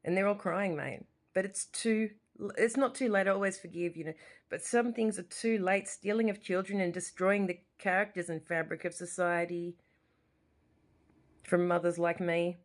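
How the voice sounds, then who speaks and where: Impassioned Australian woman, somewhat low voice. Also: steady tone, normal speed. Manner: impassioned, rambling, repeats herself. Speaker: vlogger. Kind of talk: emotional personal monologue. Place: living room at home.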